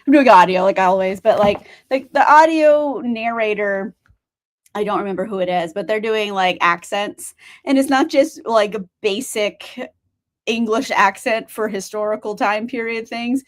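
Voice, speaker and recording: A woman's voice: medium pitch, moderate pace. A young woman streamer chatting casually about books, rambling, laughing often and filling her talk with "like," a bit tired. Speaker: book streamer. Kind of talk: casual livestream chat.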